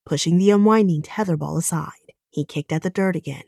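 A woman reading an audiobook in calm, measured narration. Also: on the low side, vocal fry, no room sound, studio quality.

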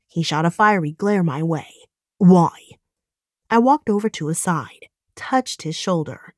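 A woman reading an audiobook in calm, measured narration. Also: on the low side, no echo, studio quality.

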